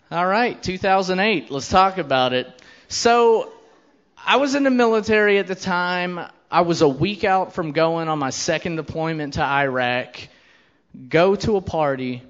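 Man, 30s, stand-up comic, profane and brash, slightly high pitch, dull recording. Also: fairly bright tone, clear, resonant tone. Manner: brash, profane storytelling with quoted voices. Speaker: stand-up comedian. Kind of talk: stand-up comedy set.

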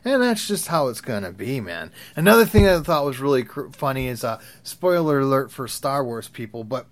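A man's voice: medium pitch, sing-song, a little fast. A young man telling crude, rambling stories in a casual, profane way, laughing at his own tales. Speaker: vlogger. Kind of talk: profane storytelling rant.

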